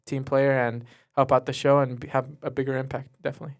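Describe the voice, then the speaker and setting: A teenage boy, a student guest, answering in a casual interview with an earnest, halting way of talking and many fillers. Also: mid-range voice, flat delivery. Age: teens.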